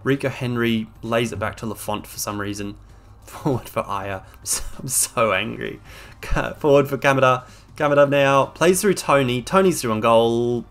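A man's voice: mid-range voice, moderate pace, a bit bright. A young man commentating on his own gameplay, exasperated and sarcastic, ranting at a desk microphone. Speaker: game streamer.

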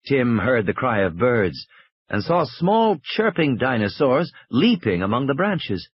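A man narrating an audiobook in a measured, expressive way. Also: mid-range voice, slightly rough, no echo, lo-fi sound.

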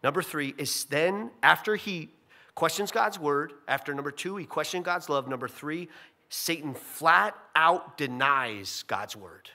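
A male pastor preaching a sermon in an animated, conversational way with jokey asides. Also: on the high side, measured pace.

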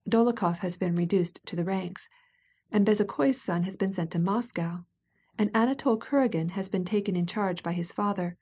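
Woman doing a knowing princess for a storybook; confiding half-whisper, husky. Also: medium pitch, moderate pace, darkish tone, lightly acted. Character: self-important well-connected princess.

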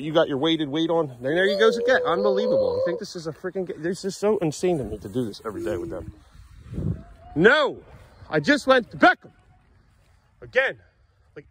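There's slight background noise as a mid-range-voiced father vlogs from an outdoor playground with a handheld phone. He scolds his kids sternly and mutters exasperated comments to the camera.

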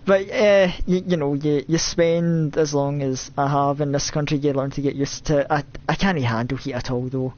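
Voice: medium pitch, steady tone, normal speed, hardly any pauses, darkish tone, lo-fi sound. A game streamer with a Scottish accent, from Scotland, giving rambling, self-mocking live commentary with nervous outbursts.

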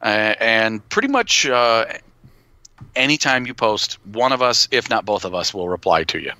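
A man's voice: lowish voice, animated, normal speed, pushed and bright, no echo. A man co-hosting a casual podcast, joking and rambling with many restarts. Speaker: podcast co-host.

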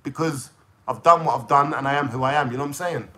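A man's voice: mid-range voice, quick pace, pushed and bright. A young man from London with a London accent, ranting to his viewers in a heated, swearing, slang-heavy monologue.

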